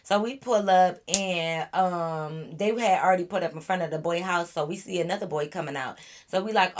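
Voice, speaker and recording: A woman vlogger telling a story in a casual, animated, slangy way, with profanity and exasperated asides. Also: medium pitch, a little fast.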